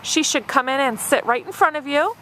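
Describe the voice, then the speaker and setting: A woman's voice: high-pitched, a little fast, pushed and bright, a little hiss or hum. A woman dog trainer narrating an obedience demonstration step by step, with a patient and encouraging manner. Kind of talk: instructional narration.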